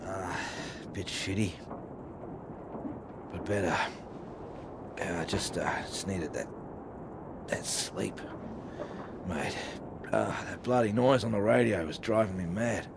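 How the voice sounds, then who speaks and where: An actor playing a blunt, hard-drinking, injured male pilot, talking in a gruff, swearing way. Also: sits low, slow, pauses often, exaggerated voice. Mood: weary, grim. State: injured and weary. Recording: loud vehicle and wind noise.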